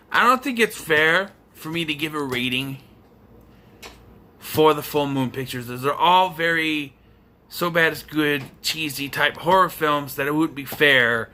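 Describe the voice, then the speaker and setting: A man's voice: fairly high pitch, a little slow, bright, forceful tone, slight background noise. A young man reviewing a film in a casual video, talking in an exasperated, sarcastic rant. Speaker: movie reviewer.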